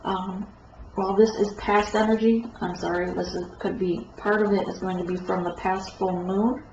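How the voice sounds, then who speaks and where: Woman tarot reader, congested, meandering and flat, echoey lo-fi room. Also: medium pitch. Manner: meandering, halting, self-correcting. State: stuffed-up nose. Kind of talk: tarot reading monologue. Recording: echoey room, dull lo-fi sound, faint noise.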